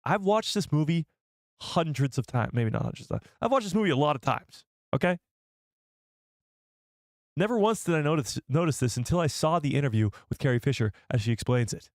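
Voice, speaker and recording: Excitable male live stream host. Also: a little high, brisk, no echo, studio quality. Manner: excitable, rambling, talks to the chat. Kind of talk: casual live stream chat.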